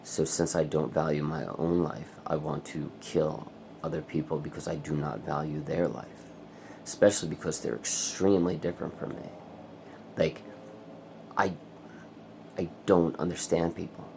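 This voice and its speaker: A man's voice: a bass voice, fairly even intonation, normal speed, gravelly, darkish tone, a little hiss or hum. A man angrily ranting in a personal vlog, swearing a lot. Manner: angry, profane ranting. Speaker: vlogger. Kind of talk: vlog rant.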